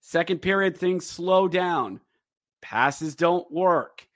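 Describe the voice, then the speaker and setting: Male podcast host, lively rambling game recap, slightly high voice, dry close mic. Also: takes it slowly, dry recording. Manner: rambling and animated, breaks into acted quotes. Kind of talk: casual hockey game recap.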